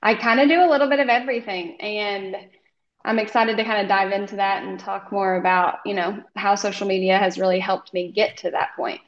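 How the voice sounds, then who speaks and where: A woman's voice: medium pitch, fairly even intonation, a little fast. Woman guest on roomy, dull audio. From Oklahoma, US. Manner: friendly, rambling, many ums and restarts. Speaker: podcast guest, hairstylist. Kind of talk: casual podcast interview.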